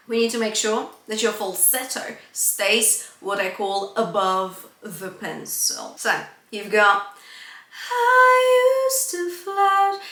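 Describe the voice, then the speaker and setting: A woman singer and vocal coach teaching a singing lesson in an upbeat way, switching into light breathy sung examples. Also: medium pitch, fairly bright tone. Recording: echoey room.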